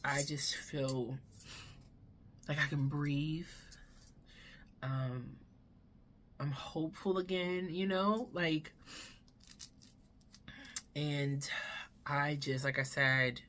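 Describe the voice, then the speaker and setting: Brief: woman vlogger, low voice, slow and earnest, candid with casual swearing, seated at home. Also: a bit bright. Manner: emotional, drops to a whisper at times. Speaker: beauty vlogger. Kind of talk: candid life-update chat to camera. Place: home room, seated in front of camera.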